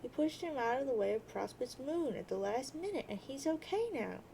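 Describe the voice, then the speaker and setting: A woman voicing a soft, guilty teen girl. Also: high voice, animated, brisk, creaky, slight background noise, poor audio. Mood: coaxing. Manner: soothing, hushing.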